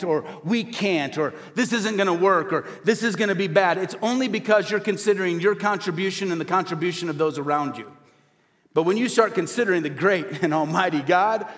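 A man with a fairly high voice preaches to his congregation, building emphatic refrains and calling for responses. His voice rings out with a long reverb from a church sanctuary. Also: brisk, a bit bright. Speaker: pastor. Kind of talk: sermon. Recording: hall reverb.

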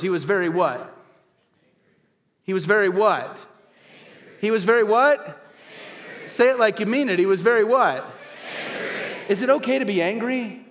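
A man preaching a sermon to a congregation, animated and asking the audience rhetorical questions. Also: high voice, in a large hall. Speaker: pastor. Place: church hall before a congregation.

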